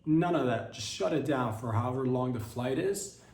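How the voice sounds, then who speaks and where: This comedy podcast host speaks at a moderate pace in a medium-pitched, darkish voice, recorded with a roomy echo. He delivers a rambling, provocative monologue, frequently breaking off mid-thought and starting again.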